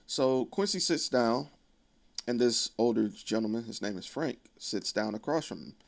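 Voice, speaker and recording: A man's voice: medium pitch, unhurried, gravelly. A man casually retelling a film plot in a profane, conversational way with wry asides. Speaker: video creator.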